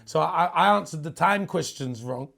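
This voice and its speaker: A man's voice: a little high, animated, moderate pace, gravelly, fairly bright tone. A man from London with a London accent, a guest telling prison stories in a casual interview, swearing freely and acting out the dialogue. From Hackney, London.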